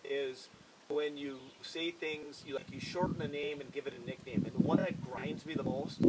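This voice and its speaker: Chatty male sports podcaster, slightly high. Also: fairly even intonation, moderate pace, very noisy. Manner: reads listener questions aloud, emphatic. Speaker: podcast co-host. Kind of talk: casual sports chat.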